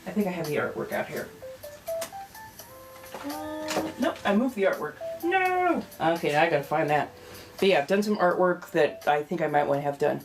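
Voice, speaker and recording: Chatty Californian woman, low-pitched. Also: animated, normal speed, soft background music. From California, United States. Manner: rambling, chatty, greets viewers warmly as they arrive. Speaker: livestream host. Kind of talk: casual livestream chat.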